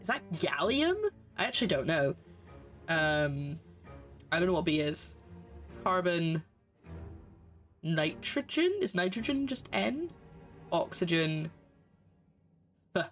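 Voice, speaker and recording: Scottish streamer, chatty, thinking out loud during a let's play. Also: mid-range voice, very animated, slow, long pauses, faint music behind. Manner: chatty, thinking aloud while puzzling. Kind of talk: casual let's-play commentary.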